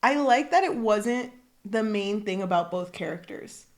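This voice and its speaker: A woman's voice: medium pitch, lively intonation, unhurried, a little mellow. A woman co-hosting a casual book podcast, chatting animatedly and acting out characters' lines. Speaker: podcast co-host.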